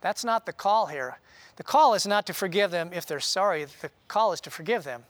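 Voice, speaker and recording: A man preaching a sermon in an earnest, conversational way, often pausing with "uh". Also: sits high, animated, a bit bright, no echo. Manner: earnest, conversational, with frequent "uh" pauses. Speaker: pastor.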